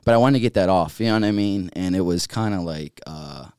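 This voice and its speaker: Young man, very low voice, dry close sound, casual storytelling, lots of fillers. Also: a little mellow, clear, resonant tone, dry recording. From North Carolina. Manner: rapid, filler-heavy retelling with many restarts. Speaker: podcast guest.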